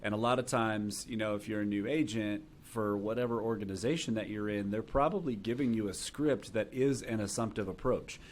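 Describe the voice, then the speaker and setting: A man hosting a podcast, speaking in a relaxed, conversational way about sales approaches. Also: lowish voice, brisk, hardly any pauses, a little hiss or hum.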